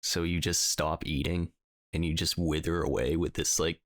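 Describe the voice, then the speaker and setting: A man's voice: extremely low pitch, little pitch movement, moderate pace, dry recording. A young man co-hosting a podcast, chatting casually and rambling with lots of fillers. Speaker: podcast co-host. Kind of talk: casual chat.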